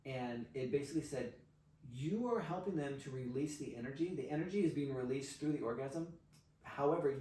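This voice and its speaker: This podcast guest, a man who works as a sexual healer, tells an excitable story in a mid-range voice, acting out quotes, laughing often and leaning heavily on fillers. The recording sounds roomy, as if he's distant from the mic.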